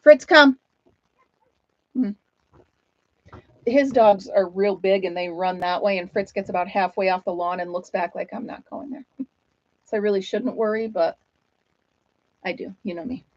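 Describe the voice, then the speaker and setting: A woman's voice: mid-range voice, steady tone, moderate pace, pauses often, mellow, highs cut off. A woman hosting a casual live-stream chat, talking in a chatty, self-deprecating way and laughing often.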